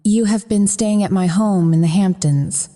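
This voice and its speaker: A woman's voice: moderate pace, warm tone, long reverb tail, lightly acted. Woman voicing a soothing mobster. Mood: calm. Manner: soothing, low murmur. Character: brooding male Russian mobster, protective.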